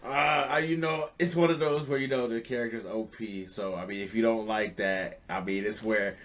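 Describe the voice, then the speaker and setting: A man co-hosting an anime podcast, chatting casually and acting out scenes with sudden jumps in pitch and shouts. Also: fairly even intonation, moderate pace. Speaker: podcast co-host. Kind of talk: animated casual chat.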